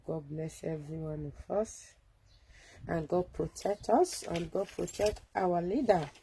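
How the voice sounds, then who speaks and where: A woman's voice: on the low side, a little mellow, slight background noise, low-quality recording. A woman with a Nigerian accent giving a fervent, rallying address to viewers on a live phone video from a friend's home. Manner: fervent, rallying, mixing Pidgin and English. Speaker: activist broadcaster.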